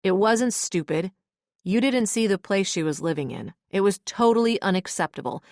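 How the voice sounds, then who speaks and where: A woman's voice: medium pitch, animated, normal speed, a little mellow, no echo, studio quality, lightly acted. A woman voicing a brusque, possessive male billionaire boss who talks in blunt, clipped lines. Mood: defensive.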